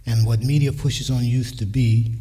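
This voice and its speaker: A man's voice: medium pitch, steady tone, normal speed, dark tone, slightly rough. A man in his sixties giving a church talk on parenting, telling family stories and acting out their lines. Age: 60s. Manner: anecdotal, quotes family in his own voice. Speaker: speaker at a church. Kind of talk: sermon on parenting. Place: church sanctuary. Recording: reverberant church hall.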